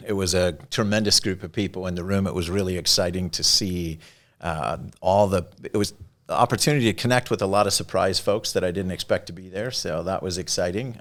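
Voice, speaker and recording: Fifties man, very low pitch, playful storytelling guest. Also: fairly bright tone. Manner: playful, jokey mimic. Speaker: podcast guest, speaker. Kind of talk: conversational storytelling.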